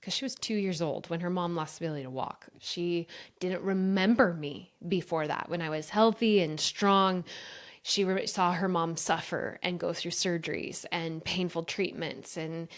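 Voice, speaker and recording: Woman, podcast guest, heartfelt storyteller; animated when quoting others. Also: fairly low pitch, normal speed. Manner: earnest, emotional, often addresses listeners as "you guys"; lively storyteller who acts out quoted dialogue. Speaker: podcast guest, brain coach. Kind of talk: personal storytelling in conversation.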